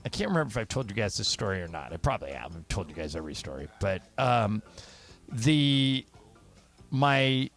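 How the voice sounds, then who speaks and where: Middle-aged male sports radio co-host, relaxed storytelling, faint music behind. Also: on the low side, moderate pace. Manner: conversational storyteller. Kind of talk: sports talk radio banter.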